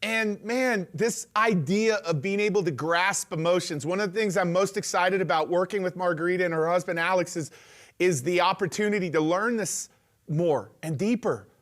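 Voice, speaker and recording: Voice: mid-range voice, moderate pace. A host of a live online event, enthusiastic and encouraging while introducing the next offer to the guest.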